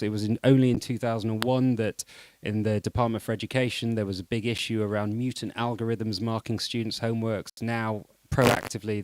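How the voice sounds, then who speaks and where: A man speaks at a conference with a fluent, persuasive delivery, building his points steadily. His voice sits a little low. The recording is dry and close. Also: a little mellow, no room sound. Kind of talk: live conference talk.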